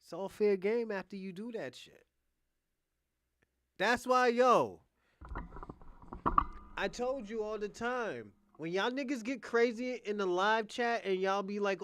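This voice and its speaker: A young adult man hosting a livestream, delivering a combative, profane rant that swings between loud outbursts and muttered asides. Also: high voice, expressive, normal speed, dry recording. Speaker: podcast host.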